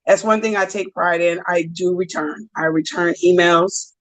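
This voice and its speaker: A woman's voice: lowish voice, moderate pace, rough recording. A woman who coaches strength and conditioning talks as a guest on a podcast. She tells stories with energy, bringing other people's words to life as she speaks. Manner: lively storyteller, acts out quoted dialogue. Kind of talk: casual interview.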